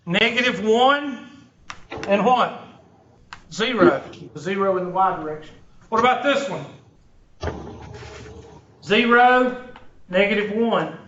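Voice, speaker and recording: A man's voice: high-pitched, animated, takes it slowly, pauses often, fairly bright tone, a little hiss or hum. A man teaching a math class in a classroom, blunt and joking, wandering off into stories. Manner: joking, digressive, blunt storyteller. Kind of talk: classroom lecture. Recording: roomy, distant, dull lo-fi room recording.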